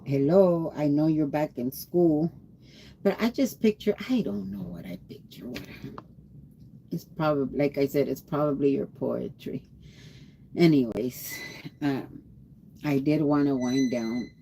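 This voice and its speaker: A woman's voice: sits low, measured pace, gravelly, long pauses, mellow, a little hiss or hum. A tired woman livestreamer chatting casually and rambling, greeting her viewers by name. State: tired after a long day.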